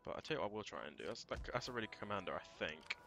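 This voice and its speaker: A man thinking aloud through a strategy game, casual and prone to swearing and sudden shouts. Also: lowish voice, expressive, racing, noisy background. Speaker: let's play gamer. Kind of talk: casual gameplay commentary.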